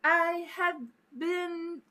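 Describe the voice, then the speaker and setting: A woman's voice: extremely high pitch, level tone, extremely slow, bright, forceful tone. A woman hosting a casual live stream, chatting with viewers, greeting them by name and laughing often.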